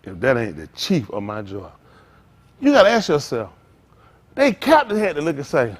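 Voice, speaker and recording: A man's voice: mid-range voice, wildly swooping pitch, moderate pace, pauses often. A man preaching a sermon as pastor, with call-outs to listeners and acted-out asides.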